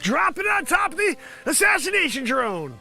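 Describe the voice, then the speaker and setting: A man's voice: extremely high pitch, big pitch swings, normal speed, vocal fry, faint music behind. A man hosting a live improv comedy show, rambling through an absurd mock news report in a jokey way. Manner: bursts into loud whooping.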